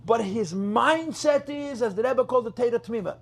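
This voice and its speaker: A man's voice: very high-pitched, moderate pace. A rabbi telling a story at a gathering, emphatic, repeating his phrases and mixing in Yiddish terms. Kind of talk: farbrengen storytelling talk.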